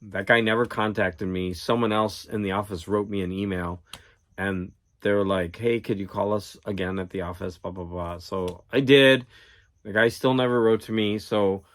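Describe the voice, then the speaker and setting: A man hosting his own channel, telling a long exasperated story in a casual, rambling rant with many restarts. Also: lowish voice. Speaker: channel host. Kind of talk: casual ranting vlog.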